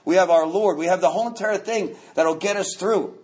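A man's voice: high voice, fairly quick. New man telling his recovery story. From New York. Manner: animated, joking, repeats words as he restarts. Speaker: recovery meeting speaker. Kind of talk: storytelling talk at a recovery meeting.

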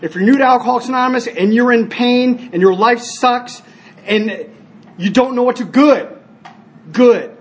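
A man's voice: extremely high pitch, moderate pace. A man speaking at a recovery meeting, sharing personally and telling stories with animation. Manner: storytelling, animated when acting out scenes; earnest, frequent restarts. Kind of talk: personal share with told stories.

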